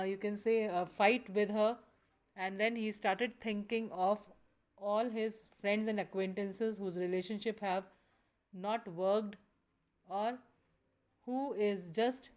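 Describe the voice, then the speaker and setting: Woman teacher, slow and careful, reads a story passage and explains it, middle pitch. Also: a little mellow. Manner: slow, with restarts and self-corrections. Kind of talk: reading and explaining a story text.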